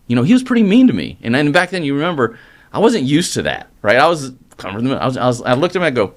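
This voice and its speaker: A middle-aged man, a mortgage loan originator, telling his story in a casual interview with energy and animated retellings. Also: mid-range voice, rapid-fire.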